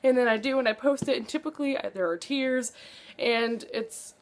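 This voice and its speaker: A woman's voice: fairly high pitch, moderate pace. A young woman book vlogger chatting casually to camera, gushing and dramatic, with lots of "like".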